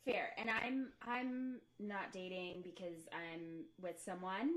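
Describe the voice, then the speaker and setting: A young woman co-hosting a podcast in casual chat, talkative and quick to laugh. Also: on the low side, fairly even intonation, a bit bright, rough recording. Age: young adult. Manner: chatty, laughs often. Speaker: podcast co-host.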